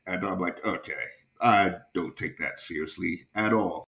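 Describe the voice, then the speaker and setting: A man's voice: low voice, a little slow, sharp tone, reverberant. A young man and stand-up comedian, hosting a podcast and telling a profane anecdote in a casual, chuckling way.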